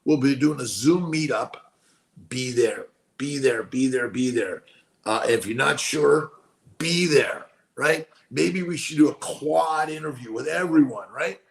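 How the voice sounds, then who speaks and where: A man's voice: mid-range voice, measured pace, vocal fry. A man in his late sixties hosting a casual live stream, talking with enthusiasm, repeating himself, and slipping into preaching. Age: 60s. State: speaking quietly while someone sleeps. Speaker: host.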